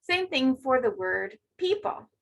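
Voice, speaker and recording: A woman teacher giving a remote phonics lesson to second graders, speaking clearly and encouragingly to young children. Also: high voice, sing-song, measured pace, poor audio.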